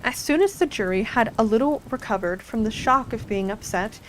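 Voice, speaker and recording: A woman streamer narrating a storybook in a soft, unhurried ASMR reading voice. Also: a little high, lively intonation, slight background noise, rough recording.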